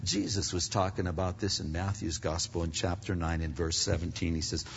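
Older male pastor, rough husky voice, chatty sermon that rises loud then drops hushed, dull recording in a big church. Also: low-pitched, flat delivery, brisk. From Pennsylvania, United States. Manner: conversational preaching, swings from loud to hushed. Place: large church sanctuary. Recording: dull reverberant hall sound.

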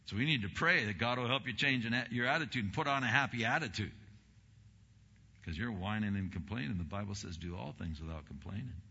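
A man preaching a sermon as pastor, impassioned, swinging between quiet, low passages and loud, rising ones. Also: expressive, a little fast, slightly rough. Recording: dull recording in a reverberant hall.

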